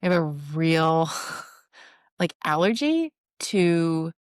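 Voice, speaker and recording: A woman's voice: deep voice, big pitch swings, very slow, smooth, no echo, clean studio sound. A woman co-hosting a podcast in casual chat, candid and self-deprecating, often restarting her sentences. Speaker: podcast co-host.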